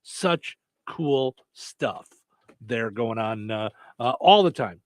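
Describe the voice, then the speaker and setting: A man's voice: mid-range voice, lively intonation, takes it slowly, no room sound. A man hosting a radio show, reading news headlines and tagging each with a wisecracking joke. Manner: wisecracking, jokey punchlines after headlines. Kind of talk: comedic news-headline banter.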